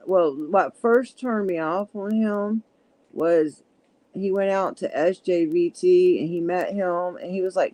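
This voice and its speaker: A woman's voice: fairly low pitch, darkish tone, no room sound. A middle-aged woman with a heavy Southern country accent, chatting casually on a livestream and sometimes stumbling over her words. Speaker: livestream host. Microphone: phone.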